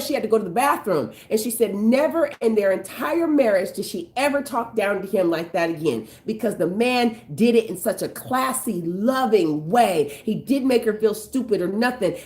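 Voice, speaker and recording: Woman prophetess, animated preaching chat, higher voice. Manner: animated, laughing, quick to joke. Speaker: prophetess and co-host. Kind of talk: preaching relationship talk.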